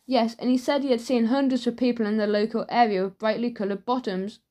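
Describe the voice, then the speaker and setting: A woman's voice: fairly high pitch, fairly even intonation, fairly quick, dark tone, lightly acted. Woman voicing an earnest male shopkeeper. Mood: grave. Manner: solemn, easily wounded.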